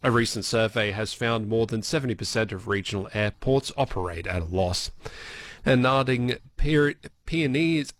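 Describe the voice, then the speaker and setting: A man's voice: on the low side, fairly quick, hardly any pauses, dry recording. Congested Australian man with a head cold. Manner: relaxed, chatty. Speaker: newsreader.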